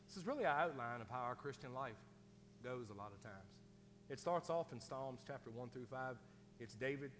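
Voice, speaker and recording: A man preaching to a congregation as a lay preacher, folksy in speech, swinging from shouted fervor to hushed, earnest pleading. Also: medium pitch. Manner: folksy, says ain't and indeedy. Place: church sanctuary. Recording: long hall reverb, faint hum.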